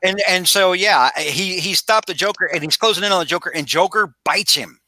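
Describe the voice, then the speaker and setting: A man's voice: high voice, brisk, sharp tone, no room sound. A man recapping a comic book on a podcast in a casual, rambling way, full of fillers and restarts, over a video call. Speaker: podcast host.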